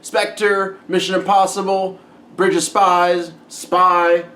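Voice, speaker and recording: A man's voice: sits high, level tone, takes it slowly, sharp tone. A man hosting his own channel, giving a casual, chatty and enthusiastic movie review. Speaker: film reviewer, channel host.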